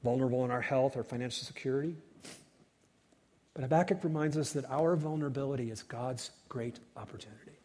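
A man preaching a sermon as pastor, rising to loud cries and falling to hushed whispers. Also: mid-range voice, fairly quick. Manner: dynamic preaching, swells loud then drops to whispers. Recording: long hall reverb.

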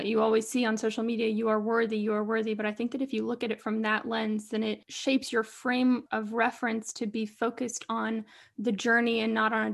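Woman podcast host, measured questions, slightly high, gravelly. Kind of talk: interview questions.

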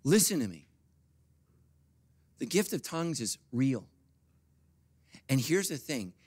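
A middle-aged man preaching a sermon as pastor, swinging from quiet, confiding asides to loud, high-pitched bursts. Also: very animated, slow pace, slightly rough, dry recording.

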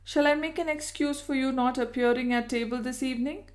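Gentle colonel husband, kind, coaxing, affectionate, woman reader voicing him. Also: sits high, fairly even intonation, fairly quick, voice pushed up, lightly acted.

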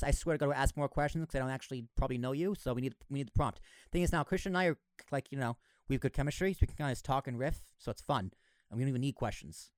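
A man's voice: medium pitch, no room sound. A man hosting a podcast in casual, joking chat, reading his closing plugs. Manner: jokey, laughing, quick plugs. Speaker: podcast host.

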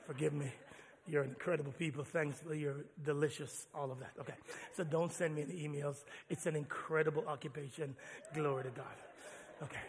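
Pastor guy telling stories in a sermon, bright high voice, big echoey church. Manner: animated storytelling, playful and folksy.

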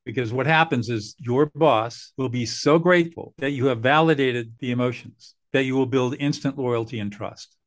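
A man's voice: medium pitch, moderate pace, few pauses. An older man, a mediator guest on a podcast, explaining earnestly and acting out what parents and bosses say. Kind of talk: podcast interview.

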